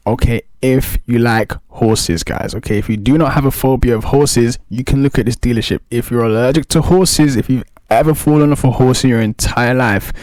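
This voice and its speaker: A man giving excitable game walkthrough commentary, full of hype and constantly saying "guys". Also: medium pitch, no echo. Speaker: gaming YouTuber.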